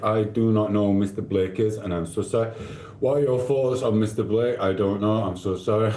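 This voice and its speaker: In an echoey living room at home, a Sheffield man with a mellow, lowish voice chats casually on a livestream. He reads viewers' comments aloud and responds cheekily, rambling in his Sheffield accent.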